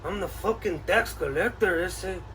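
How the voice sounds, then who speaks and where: A man's voice: very high voice, fairly even intonation, normal speed, sharp tone, far from the mic, slight background noise, voice pushed up, exaggerated voice. A man voicing a tough male street-gang tax collector in a comedy sketch, talking streetwise and dropping Spanish slang. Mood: menacing.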